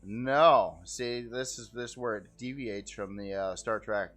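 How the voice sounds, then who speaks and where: A man's voice: medium pitch, unhurried, a bit bright, soft background music. A man giving casual, rambling gameplay commentary as host, easygoing and often repeating how cool things look. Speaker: game video host.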